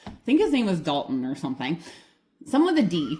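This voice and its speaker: Lively, blunt woman telling a story. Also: deep voice, quick pace, a little hiss or hum. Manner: animated storyteller, blunt, swears freely. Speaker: podcast co-host. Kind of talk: casual chat.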